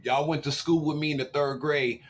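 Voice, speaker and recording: A man in his forties telling a story to camera in a casual, animated way, swinging from loud outbursts to hushed asides. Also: fairly high pitch, moderate pace, slight background noise. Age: 40s. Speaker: vlogger.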